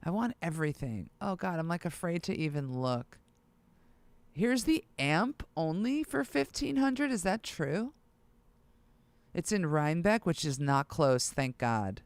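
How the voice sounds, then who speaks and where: A music producer vlogger talking casually to viewers, excitable and thinking aloud while browsing gear listings. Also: mid-range voice, unhurried, clean tone, no echo. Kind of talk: casual vlog talk to camera.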